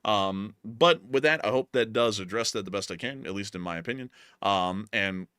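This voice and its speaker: Male stream host, low pitch, bright forceful tone, slightly strained voice, casual fillers, dry sound. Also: clear, resonant tone, dry recording. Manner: casual, drawn-out fillers, with sudden pitch jumps. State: voice feels strained. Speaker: show host. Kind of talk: live stream super chat replies.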